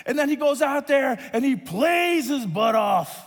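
A man preaching and telling a lively story, acting out the voices of the people in it and rising to shouts at times. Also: very high-pitched, fast. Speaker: pastor and volleyball coach. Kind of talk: sermon storytelling. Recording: reverberant hall.

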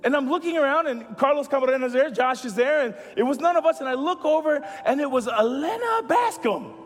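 A male pastor preaching a sermon as a lively storyteller. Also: very high voice, in a large hall. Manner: animated storyteller who builds to a hushed, slow close.

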